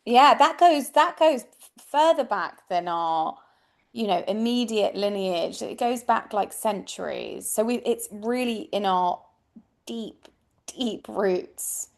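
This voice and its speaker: A woman's voice: mid-range voice, animated, slow, vocal fry. A woman astrologer, a guest on a podcast, speaking reflectively in casual chat and often restarting her thoughts.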